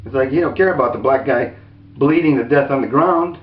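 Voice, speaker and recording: A man giving angry, unscripted commentary to his viewers, indignant and rambling, with restarts and a raised pitch whenever he quotes others. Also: a little fast. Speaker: video commentator. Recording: roomy, distant, dull lo-fi sound.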